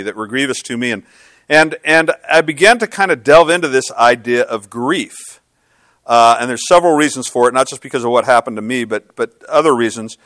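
A man's voice: mid-range voice, fairly bright tone, no echo. A middle-aged male pastor giving a sermon, with conversational, self-deprecating storytelling and frequent restarts.

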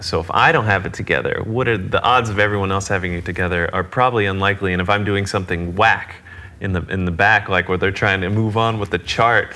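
A man, a drummer, telling animated stories with laughter in a casual interview. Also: low-pitched, fast. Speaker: guest drummer.

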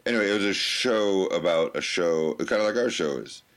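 A man with a very deep voice co-hosts a casual comedy podcast. He rambles through his points and drops his jokes in a dry, deadpan way. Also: moderate pace. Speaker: podcast co-host.

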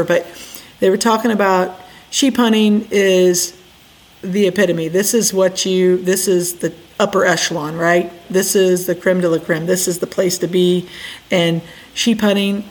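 A middle-aged woman from Indiana, a podcast guest, telling her story in a casual, animated way and acting out the quotes. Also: mid-range voice. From Indiana, USA.

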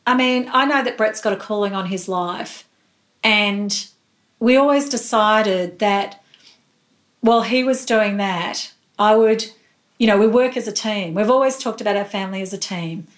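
A middle-aged woman speaks openly about her family and church life. She is candid and emotional, sometimes close to tears, in a voice of ordinary pitch. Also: moderate pace. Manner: emotional, tearful at moments, candid. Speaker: pastor's wife, interview guest. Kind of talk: personal faith story in an interview.

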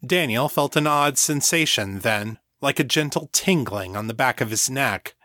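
A man's voice: mid-range voice, moderate pace, no room sound. Man narrating a fantasy audiobook, dry and close. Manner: steady, even storytelling read. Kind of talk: scripted narration.

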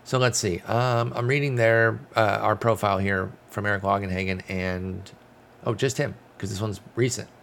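A man's voice: lowish voice, fairly even intonation, normal speed, vocal fry, a bit bright. A man hosting a casual fantasy baseball talk, rambling and correcting himself as he reads out stats. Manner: rambling, self-correcting, frequent fillers. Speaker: fantasy baseball podcast host. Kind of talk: casual analytical chat.

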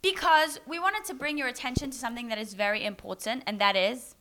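A woman's voice: a little high, fast, bright, forceful tone, a little hiss or hum. A young woman co-hosting a casual chat show, chatty and opinionated, full of likes. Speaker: co-host.

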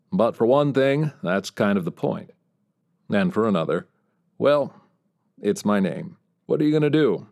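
A man narrating a first-person story in a wry, dry voice with dark humor. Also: low voice. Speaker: audiobook narrator.

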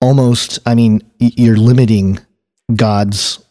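Mellow low-voiced podcast man. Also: steady tone, slow. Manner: rambling, many fillers and restarts, chuckles. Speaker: podcast co-host. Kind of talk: casual discussion.

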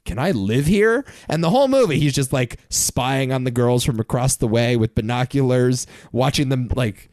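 A man co-hosting a casual movie-review podcast, talking in an animated way, laughing often and throwing in mock-dramatic asides. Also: mid-range voice, moderate pace, few pauses, no room sound, studio quality. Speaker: podcast co-host.

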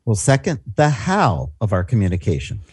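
A man co-hosting a Christian teaching show, reading scripture in a calm, measured way. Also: lowish voice, slightly rough, no echo, studio quality. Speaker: Christian radio co-host.

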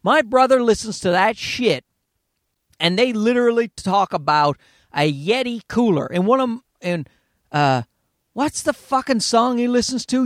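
Profane ranting man, wildly animated pitch. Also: normal speed, dry recording, studio quality. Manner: profane, exasperated ranting with mocking put-on voices. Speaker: podcast host. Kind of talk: ranting comedic monologue.

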